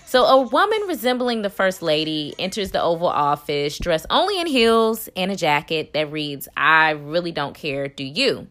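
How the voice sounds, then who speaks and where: A woman's voice: fairly low pitch, very animated, normal speed, few pauses, a bit bright. A woman hosting an opinionated commentary show, talking in a sassy, blunt and scolding way. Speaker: host.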